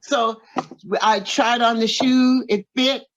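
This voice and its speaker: A woman in her seventies from Oklahoma, a singer and interview guest, telling a story in an animated way and acting out other people's lines. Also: a little high, takes it slowly, dull audio. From Oklahoma, USA.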